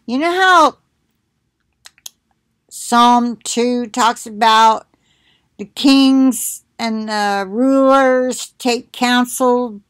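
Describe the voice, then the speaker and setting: A middle-aged woman thinking aloud at home, reading scripture between bouts of coughing and musing in a slow, unhurried way. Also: fairly high pitch, no echo, clean studio sound. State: coughing, choking up. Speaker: video blogger. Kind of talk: casual commentary with scripture reading.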